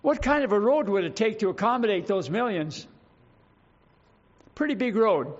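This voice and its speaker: A male pastor preaching a sermon, reading scripture slowly with emphasis and putting questions to his congregation. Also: high-pitched, expressive, muffled recording.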